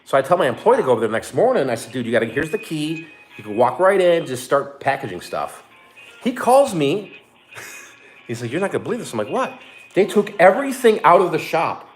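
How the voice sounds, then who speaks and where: Middle-aged guy telling a story, super animated, swears, acting out quotes, pitch all over the place. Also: a little fast, faint music behind. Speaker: online reseller and co-host. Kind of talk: casual storytelling chat.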